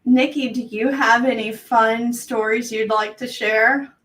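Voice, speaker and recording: A woman's voice: a little high, fairly even intonation, measured pace, fairly bright tone. A woman hosting a casual call, talking in an earnest, reflective way. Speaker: host. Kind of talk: casual video-call conversation. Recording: distant mic with faint background noise.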